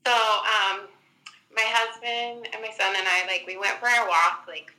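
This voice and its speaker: A woman's voice: mid-range voice, fairly even intonation, a little slow, bright, forceful tone, rough recording. A young woman telling a personal story in a chatty way, full of filler words, acting out what people said. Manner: chatty, many "like" fillers, acts out quotes. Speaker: guest.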